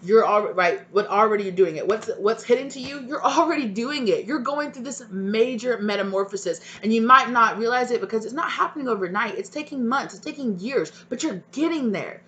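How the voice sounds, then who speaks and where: A woman's voice: on the high side, lively intonation, a little fast, hardly any pauses, a bit bright, muffled recording, slight background noise. Emphatic woman reading tarot cards. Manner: emphatic and encouraging, repeats "right?" and "okay?"; spiritual, emotional, sometimes near tears. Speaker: tarot reader. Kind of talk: pick-a-card tarot reading to viewers.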